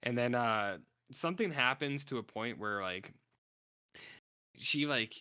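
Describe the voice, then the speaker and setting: A man's voice: medium pitch, animated, measured pace, sharp tone, clear, resonant tone. A man in casual podcast chat, rambling about a bad horror film and acting out its scenes, with lots of "like" along the way. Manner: rambling, heavy on "like", acts out scenes while recapping a film. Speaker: podcast co-host.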